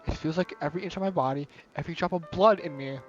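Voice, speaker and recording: A man's voice: fairly high pitch, fast talker, faint music behind, lightly acted. A man reading as an obsessive shy girl. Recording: dull lo-fi recording.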